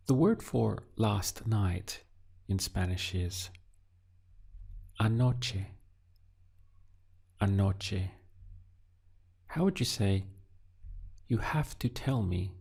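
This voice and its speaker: Slow, gravelly-voiced male language teacher. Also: sits low, a little mellow. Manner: slow, patient prompting with pauses for the learner. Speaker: Spanish teacher. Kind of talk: audio language lesson.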